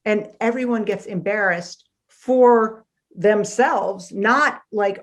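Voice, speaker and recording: A woman's voice: medium pitch, measured pace. A woman author, a guest in a conversational interview, telling stories with animation and acting out the voices she quotes.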